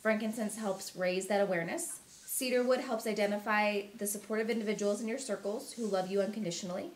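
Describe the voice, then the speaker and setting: A woman host reads passages aloud at home in a cheerful, steady way. Her mid-pitched voice sounds natural. The room is echoey. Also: fast talker. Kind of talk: reading aloud from a book and chatting.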